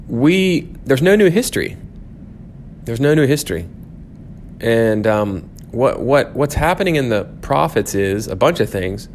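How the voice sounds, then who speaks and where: Man, church class teacher, low gravelly voice, restarts often, faint hiss behind. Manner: thinks aloud with frequent restarts and fillers.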